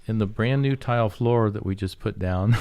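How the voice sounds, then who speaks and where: A man's voice: lowish voice, moderate pace, a little mellow. A man hosting a home remodeling radio talk show, telling folksy stories and laughing as he goes. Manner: folksy storyteller, laughs through anecdotes.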